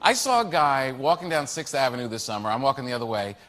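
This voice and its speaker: Bright, wry stand-up man. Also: mid-range voice, very animated, fast. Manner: wry observational storytelling. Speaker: stand-up comedian.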